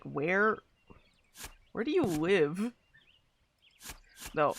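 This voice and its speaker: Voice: medium pitch, sharp tone, a little hiss or hum. A VTuber streamer chatting casually while playing a game, rambling and laughing often. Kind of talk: casual gaming stream chat.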